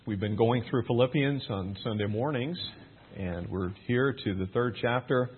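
A man's voice: mid-range voice, moderate pace, breathy edge. A man preaching a plain, conversational sermon as pastor, building to emphatic points. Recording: thin phone-like sound.

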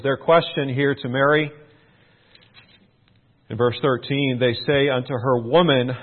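A man preaching a sermon in a measured way, repeating key phrases for emphasis. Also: medium pitch. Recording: phone-like narrow band.

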